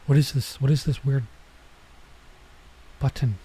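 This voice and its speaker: A man's voice: mid-range voice, steady tone, measured pace, mellow, slightly rough. A man voicing a bewildered little country girl in a puzzled, questioning way. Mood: confused.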